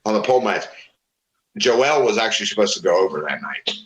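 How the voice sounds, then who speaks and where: Speaking briskly at a fairly low pitch, a middle-aged former pro wrestler from Florida is the guest in a casual interview. Over a rough, reverberant recording, he relates profane stories with animation and acts out others' quotes.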